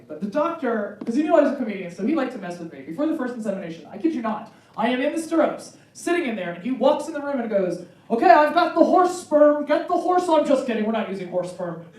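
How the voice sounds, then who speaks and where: A woman in her forties doing a stand-up comedy set on a club stage, talking in an animated way and acting out bits in high, excited voices. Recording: roomy club sound from a distance with a loud crowd.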